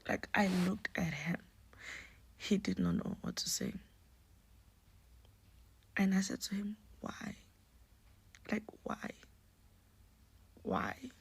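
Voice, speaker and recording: A young woman telling a personal story in a hushed, often half-whispered voice, slipping Nguni words into her English. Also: mid-range voice, big pitch swings, slow, long pauses, husky. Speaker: storyteller vlogger.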